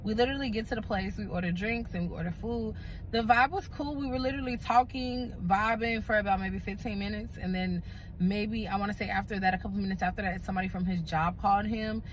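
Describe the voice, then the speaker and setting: A woman's voice: medium pitch, steady tone, quick pace, slight background noise, poor audio. A woman telling a casual storytime in a blunt, profane, conversational way.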